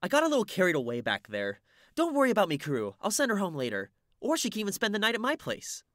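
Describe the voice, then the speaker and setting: A man's voice: high voice, wildly swooping pitch, quick pace, a bit bright, no echo, studio quality, voice pushed up, full character voice. A man voicing a cheerful teenage girl in an audiobook reading. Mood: breezy.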